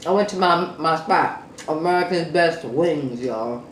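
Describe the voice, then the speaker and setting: A man eating on camera, talking casually to viewers between bites and humming contentedly. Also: fairly high pitch. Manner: slow, relaxed, lots of contented hums between bites. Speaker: mukbang eating vlogger. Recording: echoey room with faint background noise.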